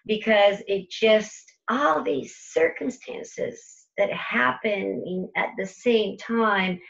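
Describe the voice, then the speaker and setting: A woman who runs an internet radio station gives a talk, telling an audience a vivid, dramatic story full of repeated phrases. Her voice is fairly high and gravelly, and the audio sounds dull.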